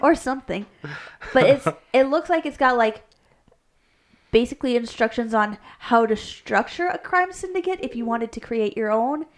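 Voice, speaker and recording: A chatty woman on a casual podcast, her voice sitting a little high for a woman. She rambles through game lore with frequent restarts and quick laughs. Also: animated. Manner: rambling, self-correcting, laughs often. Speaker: podcast co-host, game master. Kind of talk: casual chat.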